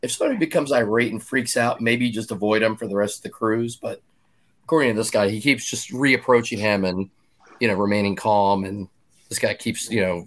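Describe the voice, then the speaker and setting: A man in his fifties hosting a casual podcast, talking conversationally with restarts and quick asides. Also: lowish voice. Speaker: podcast host.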